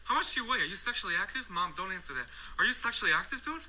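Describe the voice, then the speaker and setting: A man doing a comedy impression of a blunt, bro-ish celebrity doctor who fires off rapid questions in a high-pitched voice and keeps saying "dude". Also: sing-song, pushed and bright, slight background noise, heavily acted, poor audio. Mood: brash. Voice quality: high-pitched, nasal-edged, says "dude" a lot.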